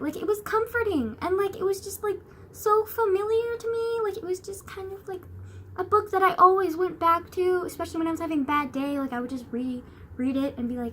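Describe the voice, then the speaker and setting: Young woman rambling on her vlog, high bright voice, tons of likes, bit of hiss behind. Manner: rambling, filler-heavy, swears a lot. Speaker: vlogger. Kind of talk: casual chat.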